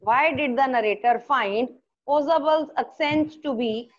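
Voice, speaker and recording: High-voiced Indian woman teaching a class. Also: lo-fi sound. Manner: repeats questions, explains slowly, mixes in Hindi. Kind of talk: online class lesson.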